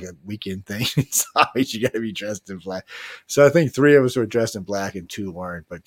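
A man's voice: fairly low pitch, no room sound. A man from New Orleans with a New Orleans accent, telling loose, rambling stories as a podcast host, swearing freely and chuckling as he goes. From New Orleans, USA. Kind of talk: casual storytelling chat.

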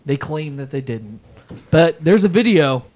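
A man's voice: a little high, sing-song, unhurried, a little mellow. A man co-hosting a radio show, jokey and teasing as he reads the news. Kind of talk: casual radio banter.

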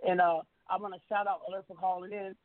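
Middle-aged male call-in radio host, high voice, rambling casual delivery, thin phone-line sound. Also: level tone, fast. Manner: rambling, repeats words, stammering restarts.

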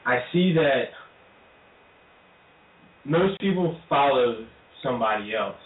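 Male guest, measured and reflective; roomy, tinny phone audio with light hiss. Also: medium pitch, expressive. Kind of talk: casual talk radio chat. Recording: echoey phone line with faint hiss.

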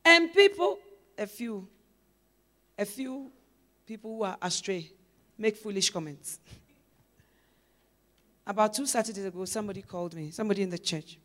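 A woman delivers a sermon in a middle-pitched voice. She builds to loud, emphatic declarations, then drops to low, musing questions. Her tone is earnest and preacherly throughout. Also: expressive, normal speed, pauses often. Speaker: pastor's wife, preacher.

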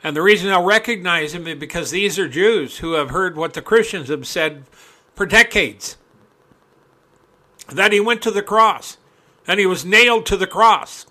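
A male preacher delivering a sermon, reading scripture aloud and breaking into folksy asides, climbing to loud, impassioned peaks. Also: high voice, normal speed.

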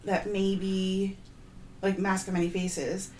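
A woman's voice: mid-range voice, level tone, takes it slowly, darkish tone. A woman playing a tabletop role-playing game, eagerly planning her character's moves. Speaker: player. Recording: echoey room with faint noise.

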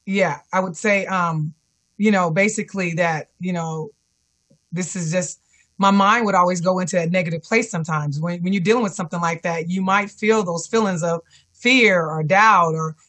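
A woman speaks earnestly over a remote call, with a bright, forceful voice. She tells her story as an interview guest and keeps repeating encouraging words to herself. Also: fairly low pitch, moderate pace. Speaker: guest, cancer survivor and fitness instructor. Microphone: remote call connection.

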